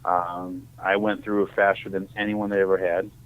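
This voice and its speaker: A man's voice: low voice, moderate pace, smooth. Rambling ex-fighter man on a tinny line. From Ohio. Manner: rambling, animated, acts out quoted dialogue. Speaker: podcast guest. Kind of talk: casual storytelling. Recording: tinny phone-like audio.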